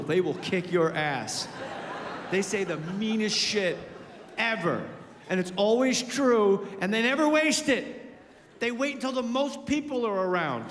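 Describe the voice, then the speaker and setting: A man doing a stand-up comedy set, telling animated stories and acting out both sides, swinging from muttering to shouting. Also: high-pitched, moderate pace. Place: comedy club stage. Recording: live club recording, roomy hall reverb with audience laughter and noise.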